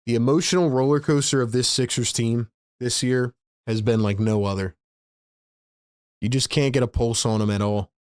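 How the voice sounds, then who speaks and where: A man's voice: mid-range voice, steady tone, clean tone, no room sound, clean studio sound. A man hosting a fan show, calling the game play by play and chatting with viewers between plays. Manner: fast, chatty, laughs often, reads viewer messages. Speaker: host and play-by-play caller. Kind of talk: live fan play-by-play and chat.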